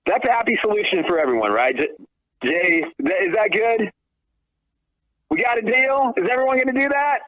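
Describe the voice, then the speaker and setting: A man's voice: high voice, expressive, normal speed, a bit bright, poor audio. A man ranting on a talk podcast, profane and sarcastic, restarting his sentences as he goes. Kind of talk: heated podcast rant.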